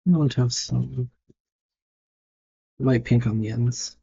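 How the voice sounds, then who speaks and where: A man's voice: medium pitch, steady tone, slow, gravelly, mellow, muffled recording, a little hiss or hum. A man thinking aloud and judging his own work as he draws, in casual narration. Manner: muttered, self-critical thinking aloud. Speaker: digital artist. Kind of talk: casual narration while drawing.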